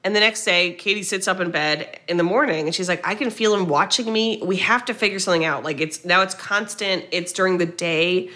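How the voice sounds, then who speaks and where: A woman co-hosting a podcast, retelling a film's plot in a casual, animated way, quoting the characters and swearing now and then. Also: lowish voice, brisk, few pauses. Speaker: podcast co-host. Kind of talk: casual movie recap chat.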